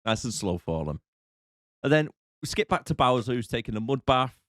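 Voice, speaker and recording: A man's voice: medium pitch, sing-song, moderate pace, fairly bright tone, no echo, clean studio sound. A man co-hosting a podcast, laughing and joking in casual chat. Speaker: podcast co-host.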